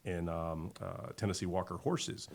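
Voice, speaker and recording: Gravelly deep-voiced man telling stories. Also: moderate pace, slight background noise. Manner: animated storyteller, emphatic. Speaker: guest, winery owner. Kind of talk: casual podcast conversation.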